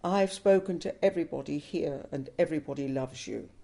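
Gravelly-voiced older woman telling her story. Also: deep voice, warm tone. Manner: unhurried storyteller, chuckles while recalling. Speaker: interviewee.

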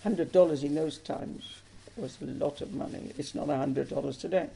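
Older woman with a gravelly voice. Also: deep voice, moderate pace, mellow, slight background noise. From England. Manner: earnest, emotional storytelling. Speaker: interviewee. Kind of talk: personal testimony interview.

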